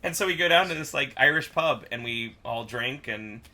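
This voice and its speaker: A man's voice: mid-range voice, lively intonation, moderate pace, sharp tone. A young man in a band, casually rambling through tour stories on a livestream chat and laughing often. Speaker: band member co-host.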